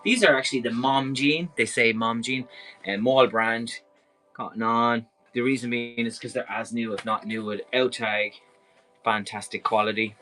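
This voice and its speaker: An Irish man with a bright, forceful voice runs a live clothing sale in a chatty, enthusiastic way. He rambles freely between items, and faint music plays behind him. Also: mid-range voice, fairly even intonation, normal speed, rough recording. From Ireland. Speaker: live-stream clothing seller. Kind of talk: casual live sales patter.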